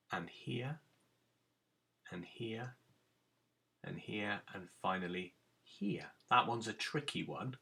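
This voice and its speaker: A man's voice: fairly low pitch, fairly bright tone. A man teaching a recorded phonics lesson to young children, giving patient step-by-step instructions. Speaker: primary school teacher.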